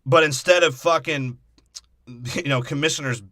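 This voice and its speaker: Young guy, bright punchy voice, crude jokey movie recap, dry close mic. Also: on the high side, no echo. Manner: crude joking, quick put-on character voices. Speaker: podcast co-host. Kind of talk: casual comedic movie recap.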